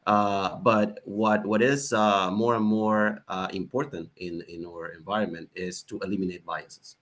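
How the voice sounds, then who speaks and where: A man speaking on a panel, animated and emphatic, with frequent "uh" and "you know" as he works through his ideas. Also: on the low side, a little slow. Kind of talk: panel discussion.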